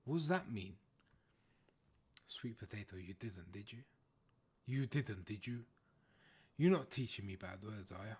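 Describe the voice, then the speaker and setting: A man hosting a casual livestream, chatting with viewers in a playful, teasing way and often breaking into loud exclamations. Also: on the low side, lively intonation, unhurried, pauses often, husky. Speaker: livestream host. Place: home, in the UK.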